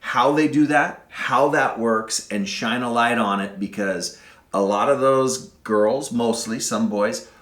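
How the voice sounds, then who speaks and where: A man's voice: mid-range voice, slow, fairly bright tone. A man hosting a podcast, talking casually with many fillers and restarts. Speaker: podcast host.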